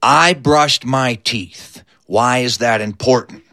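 A man's voice: on the high side, animated, unhurried, sharp tone. A man voicing an anxious grown man who keeps asking worried questions. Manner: fretful, questioning.

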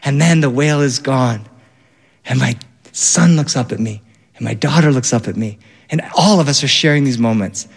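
Animated man telling a story in a hall. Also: medium pitch, normal speed, breathy edge. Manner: animated, big swings between excited and hushed. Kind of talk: personal storytelling.

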